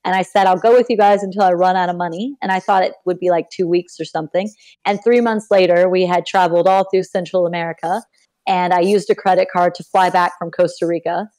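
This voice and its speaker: A young woman from Texas, a podcast guest, telling stories casually and acting out the people she quotes. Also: fairly quick. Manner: animated, acts out quoted people with big pitch jumps. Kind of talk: casual storytelling in an interview.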